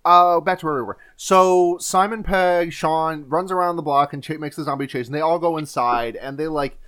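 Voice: medium pitch, clean tone. A young man hosting a casual podcast, recapping a film scene by scene with lots of laughter and acted-out lines. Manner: animated, quick to laugh, acts out characters' lines; swears casually. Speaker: podcast host.

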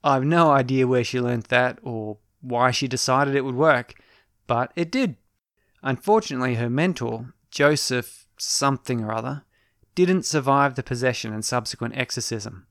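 A man's voice: medium pitch, moderate pace, a bit bright, no echo, clean studio sound. Wry, self-deprecating male storyteller. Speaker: podcast storyteller. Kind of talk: first-person audio story narration.

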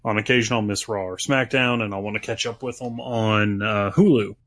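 Podcast dude, kinda rambly, low voice, dry mic. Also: male voice, fairly even intonation, brisk, a bit bright, dry recording. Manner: rambling, many fillers and restarts. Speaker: podcast co-host. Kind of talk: casual chat.

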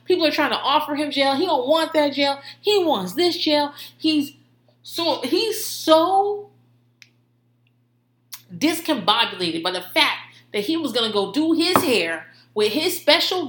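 Her voice is high-pitched and a bit bright as she tells rambling, profanity-laced stories in a relaxed way, laughing frequently. The recording has a roomy echo.

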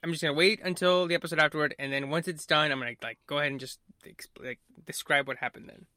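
A man's voice: fairly high pitch, steady tone, fast, bright, forceful tone, no echo, studio quality. A young man hosting a podcast, telling a long story casually with lots of fillers and acted-out quotes. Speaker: podcast host.

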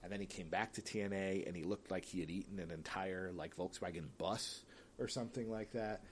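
A man's voice: low voice, steady tone, a little fast, slight background noise. A man talking casually on his own, picking winners of wrestling matchups with chatty, opinionated asides and the odd sigh. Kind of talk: casual solo commentary.

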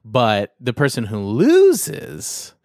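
A man's voice: medium pitch, wildly swooping pitch, extremely slow, darkish tone, dry recording, studio quality. A man hosting a casual podcast chat, running a word game with a playful, teasing manner. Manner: playful, teasing, laughs easily.

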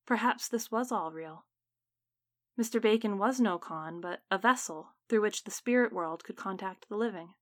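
A woman reading a story aloud in measured, dramatic audiobook narration. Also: medium pitch, a bit bright, no room sound, clean studio sound.

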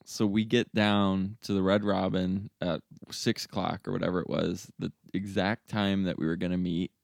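Low-voiced man telling a story casually. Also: moderate pace, gravelly, no echo, studio quality. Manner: animated storyteller, acts out friends' voices in high pitch. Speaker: storyteller in a chat. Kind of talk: casual chat.

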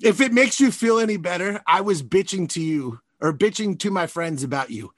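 A man hosting a podcast in casual, profane trash-talk chat, animated and self-mocking, laughing often. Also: high-pitched, normal speed, dry recording. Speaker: podcast host.

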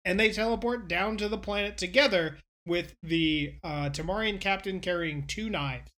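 Brash, profane female co-host; bright, sharp tone. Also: lowish voice, normal speed. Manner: brash, profane, acts out characters' reactions. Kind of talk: casual chat, recapping an episode.

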